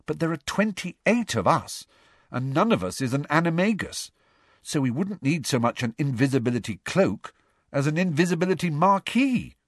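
A man's voice: a little high, sing-song, normal speed, no room sound, clean studio sound, pitched above the performer's own voice. A man voicing a clever, precise, sceptical teenage girl witch in an audiobook. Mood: reasoning. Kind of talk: audiobook character voice.

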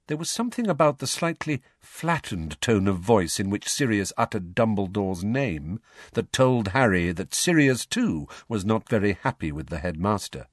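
A man narrating an audiobook, his lowish voice moving lively through the story. The recording is close and dry, with no room sound. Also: normal speed, dry recording. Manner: expressive storytelling. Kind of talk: scripted narration.

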